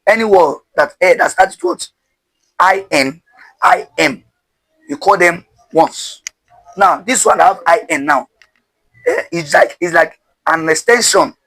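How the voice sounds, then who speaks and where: A man's voice: sits high, sing-song, unhurried, long pauses, bright, forceful tone, poor audio. A man teaching pronunciation step by step, drilling syllables with call-and-response and asking rhetorical questions.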